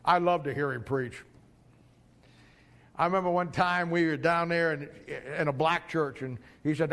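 An older man preaching a sermon, swinging from quiet storytelling to loud shouted climaxes. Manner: rises to shouting climaxes, drops low for storytelling.

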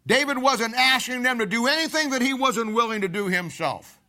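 Bright-voiced, animated male preacher. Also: very high voice, normal speed. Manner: animated, uses casual army slang. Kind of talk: sermon, folksy storytelling.

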